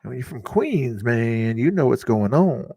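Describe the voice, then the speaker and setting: A man doing a brash New York guy with a thick street accent, drawn out and swaggering. The delivery is laid back, with plenty of swing in the pitch. It is recorded close and dry. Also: wildly swooping pitch, drawn-out words, mellow, breathy edge, dry recording, full character voice.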